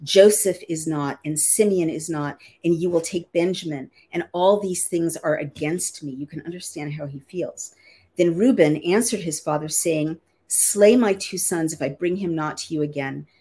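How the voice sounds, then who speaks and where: This woman's voice is low, husky, and warm, moving at a moderate pace as she teaches the Bible. She reads old-fashioned verses aloud, then restates each one in ordinary words.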